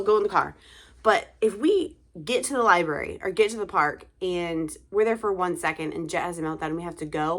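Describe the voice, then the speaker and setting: A young woman talks casually to her camera, tired and rambling, with plenty of fillers and sighs. Her voice sits at a middle pitch for a woman. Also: a bit bright. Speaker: vlogger, mother of two.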